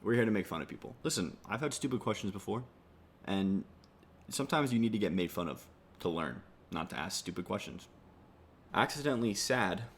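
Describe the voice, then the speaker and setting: A man's voice: fairly low pitch, animated, a little fast, a little hiss or hum. A young man giving rambling, sarcastic comedy commentary and swearing freely. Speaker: comedy YouTuber.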